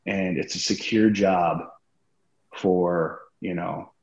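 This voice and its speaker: Male podcast guest, very low voice, cursing storyteller, roomy lo-fi sound. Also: steady tone, takes it slowly. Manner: profane, acts out quoted dialogue. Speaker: podcast guest, former wrestler. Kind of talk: casual storytelling interview.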